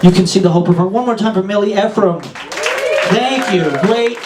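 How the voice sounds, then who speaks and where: A man's voice: sits high, moderate pace. A man hosting an open mic, upbeat and hyping the performer. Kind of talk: emcee patter. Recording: echoey club, far mic, loud crowd and noise.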